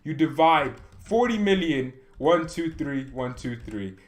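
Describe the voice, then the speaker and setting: A man hosting a fan channel, ranting in a chatty, animated way and often tagging sentences with questions. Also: fairly high pitch, a little slow. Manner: animated ranting with bursts of loud exclamation; chatty, frequent "right?" tag questions. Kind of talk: casual opinion vlog.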